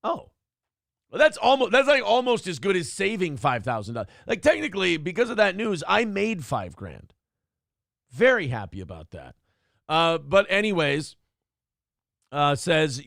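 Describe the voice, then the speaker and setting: A man's voice: a little high, very animated, normal speed, gravelly, a bit bright, no echo, clean studio sound. A man hosting a morning show, chatting casually in a rambling, self-deprecating way and reading chat comments aloud. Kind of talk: casual live-stream chat.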